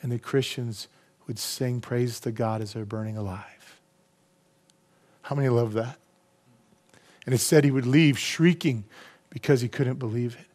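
A middle-aged man preaching a sermon, speaking at an ordinary middle pitch. He talks with fervor and keeps drawing the congregation in with rhetorical questions. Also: a little mellow. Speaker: pastor.

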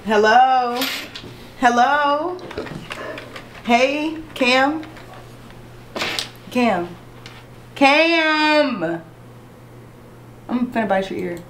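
A young woman with a fairly high voice filming a casual prank vlog. She keeps pestering, repeating the same questions over and over. The sound is from an echoey room with faint noise behind. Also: animated, very slow, pauses often. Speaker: vlogger.

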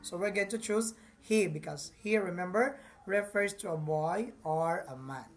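A woman's voice: lowish voice, normal speed. A woman teaching an English grammar lesson, patiently repeating each point and addressing her viewers as class.

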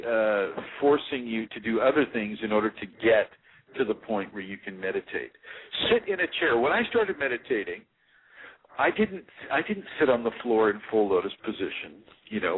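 A man giving a relaxed, rambling talk as a spiritual teacher, with many fillers and restarts. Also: mid-range voice. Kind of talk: casual instructional talk. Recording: tinny lo-fi phone-like audio.

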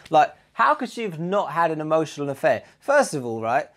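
A man's voice: on the high side, very animated, fast talker, few pauses, a bit bright. A man, co-hosting a podcast and giving blunt, emphatic relationship advice in casual chat. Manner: chatty, emphatic, British slang.

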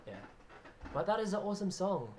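A man's voice: sits high, big pitch swings, brisk, darkish tone, slight background noise. A man hosting a casual piano livestream, chatting loosely, reading out viewer names and laughing often. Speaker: livestream host and pianist.

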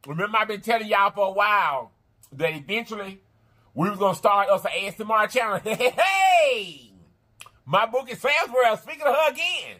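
A woman hosting an eating channel, chatty and effusive, talking casually to her viewers and repeating herself warmly. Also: medium pitch. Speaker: mukbang channel host.

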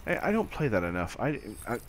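A man's voice: mid-range voice, big pitch swings, a little fast, a little hiss or hum. Rambling, stammering gameplay commentator man. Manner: rambling, stammering, self-mocking.

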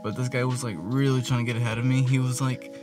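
A man's voice: mid-range voice, little pitch movement, quick pace. A man, telling a rambling, profane storytime vlog full of fillers. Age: 20s. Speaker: vlogger. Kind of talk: casual storytime rant. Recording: music playing behind. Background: music.

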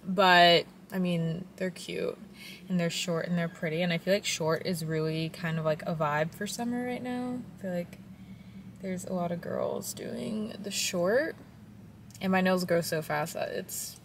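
A woman's voice: fairly low pitch, moderate pace. A young woman in her twenties talking casually to the camera at home, rambling and laughing often. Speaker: vlogger. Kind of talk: casual vlog chat. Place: home, indoors. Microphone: phone or camera held close. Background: air conditioner hum.

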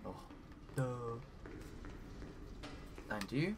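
Guy muttering and cursing through a let's play, gets loud and excited, mid pitch, noisy hiss behind. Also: moderate pace. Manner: swears often, talks to himself, bursts into excited cries. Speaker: gaming commentator.

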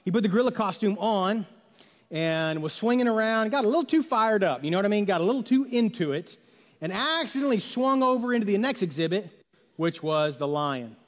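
Joking pastor preaching in a church hall. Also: male voice, sits high, lively intonation, fairly quick. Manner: conversational, jokey storytelling with rhetorical questions. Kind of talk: sermon. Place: church sanctuary.

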